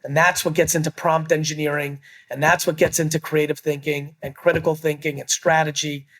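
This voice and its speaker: A middle-aged man talks business in an emphatic, blunt voice. His pitch sits a little high for a man, and he swears casually as he pushes his points. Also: little pitch movement, a little fast, fairly bright tone. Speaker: guest, entrepreneur. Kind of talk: energetic business interview.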